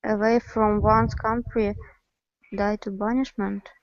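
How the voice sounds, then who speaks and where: Unsure woman student, gravelly and flat. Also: medium pitch, dry recording, muffled recording. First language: Russian. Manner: unsure, halting. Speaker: language student.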